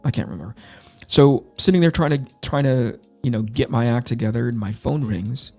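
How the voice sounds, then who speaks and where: A man's voice: medium pitch, brisk, creaky, warm tone, soft background music. A man in his fifties hosting a launch stream, casually telling candid, self-deprecating stories about his early career. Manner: candid, self-deprecating anecdotes with many restarts. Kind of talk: casual storytelling.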